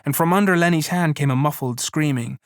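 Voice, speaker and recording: A man narrating a novella in a measured, plain storytelling reading. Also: fairly high pitch, no echo, clean studio sound. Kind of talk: audiobook reading.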